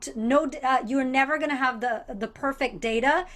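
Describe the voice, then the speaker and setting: A woman comedian from Alabama on a panel, animated and thoughtful, with mocking asides. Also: sits high, normal speed. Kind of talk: casual panel chat.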